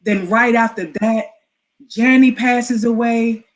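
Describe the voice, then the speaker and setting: Brief: encouraging woman host, casual interview, a little high-pitched. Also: fairly even intonation, takes it slowly. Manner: warm, affirming interjections.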